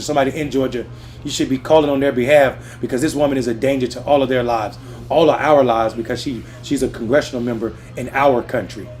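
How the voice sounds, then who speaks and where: A man hosting a livestream delivers an angry, profanity-laced political rant in a mid-pitched, somewhat dark voice, fired up and talking straight to his chat. He's in a Washington lounge with TVs on, and faint music and TV sound carry in the background.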